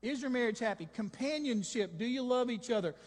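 A man preaching to his congregation, high in pitch and lively, tossing out jokes and questions. His voice rings with the long reverb of a church hall. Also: brisk. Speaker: pastor. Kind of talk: sermon.

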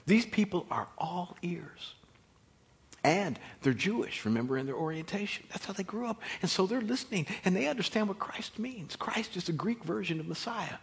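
A man preaching a sermon, swinging from loud exhortation to hushed near-whispers and repeating words as he builds a point. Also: a little high. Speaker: pastor.

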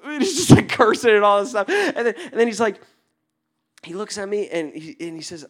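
Animated young pastor telling a story. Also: male voice, high-pitched, a little fast. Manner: animated, laughing storyteller who drops to a hushed tone for tender moments. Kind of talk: storytelling sermon.

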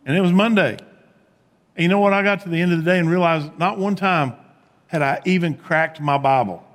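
A man preaching a sermon as pastor, animated, with rising emphatic peaks and quiet low asides. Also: a little fast, in a large hall.

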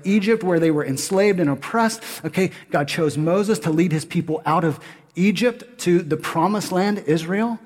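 A man preaching a sermon as pastor, animated, with rhetorical questions to the congregation. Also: on the high side. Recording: long hall reverb.

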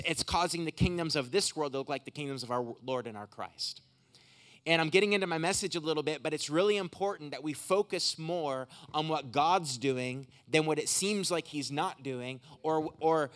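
A man preaching as a guest speaker in a church service. He moves from emphatic, rising preaching into quiet, intense prayer for healing. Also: fairly high pitch. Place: hotel conference room church.

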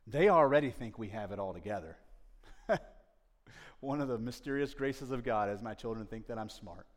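A male pastor giving a conversational sermon, his voice swinging from quiet asides to loud, emphatic peaks. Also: mid-range voice, animated, moderate pace, in a large hall.

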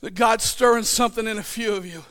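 A man preaching a sermon in church, building to shouted fervor. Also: high voice, fast talker, clean tone. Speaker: pastor.

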